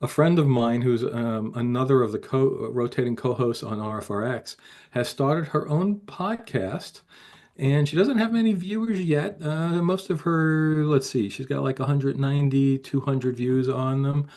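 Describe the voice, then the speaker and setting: Man, game regular; relaxed chat, slips into announcer mode. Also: medium pitch, measured pace. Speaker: game regular and podcast co-host. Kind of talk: casual chat with a read-out promo.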